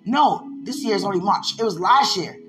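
In a low-quality recording with background music, a woman vlogs to a loved one, rambling, gushing and giggling in casual talk to the camera. Her mid-range voice is animated at normal speed and swings up and down.

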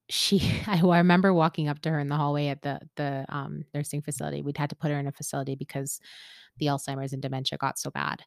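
Podcast host, woman from Canada, low voice, dry close sound, candid storyteller who laughs often. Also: dry recording. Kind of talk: casual personal storytelling.

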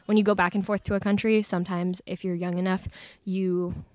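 Smooth-voiced teen girl chatting. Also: fairly low pitch, level tone, fairly quick, darkish tone, dry recording. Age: late teens. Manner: chatty, laughs often, many fillers. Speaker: guest. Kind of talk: casual chat. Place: church studio.

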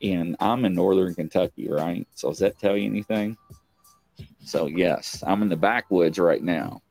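A man hosts a live online talk show from a home stream set, chatting casually in a rambling, joking, self-mocking way. His voice is low-pitched, gravelly and darkish, at a moderate pace, and the recording is dry.

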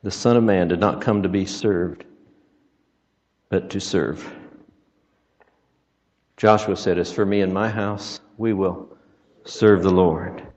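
A man's voice: low voice, fairly even intonation, slow pace, long pauses, a little mellow. A man preaching a sermon in a folksy way, with joking asides and quoted scripture, in a church. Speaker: traveling preacher. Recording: reverberant, dull lo-fi sound.

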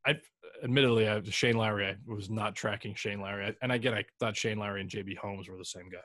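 A man's voice: fairly low pitch, steady tone, fast, bright, forceful tone, dry recording, clean studio sound. A man talking casually on a golf podcast, rambling loosely with restarts and the odd curse. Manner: rambling, loose, with frequent restarts and mild swearing. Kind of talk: casual chat.

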